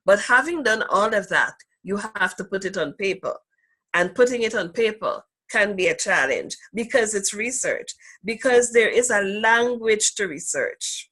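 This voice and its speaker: A woman teaching an online class, speaking slowly and deliberately and stressing key words, over a video call. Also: medium pitch, expressive, fairly bright tone, husky. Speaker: instructor.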